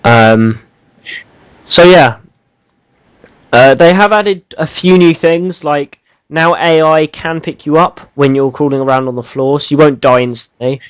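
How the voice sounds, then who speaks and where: A man's voice: on the high side, a little slow, smooth, dry recording, poor audio. A man co-hosting a casual gaming podcast, rambling and teasing, with lots of ums and restarts. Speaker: podcast co-host.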